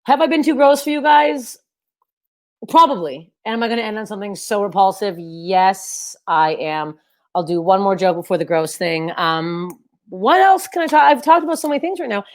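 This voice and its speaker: A woman's voice: medium pitch, expressive, normal speed. A young woman doing a crude, self-deprecating, rambling stand-up set over a video call. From Canada. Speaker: stand-up comedian.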